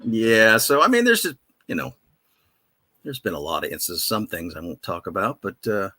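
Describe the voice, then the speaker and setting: A veteran radio DJ, a man with a fairly low, sing-song voice and a sharp tone, guests on a studio interview at a moderate pace. He casually tells rambling, self-deprecating stories packed with fillers. There's no echo.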